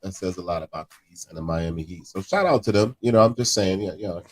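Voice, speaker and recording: Lower-pitched man, excitable co-host. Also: fast talker. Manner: animated, stumbles and repeats words, laughs often. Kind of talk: casual podcast chat.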